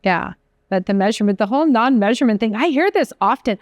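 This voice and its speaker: A woman chef from an Italian American family co-hosts a podcast, speaking fast in a slightly high voice, recorded dry with studio quality. Chatty and animated, she tells rambling family food stories in casual conversation and trails off mid-sentence.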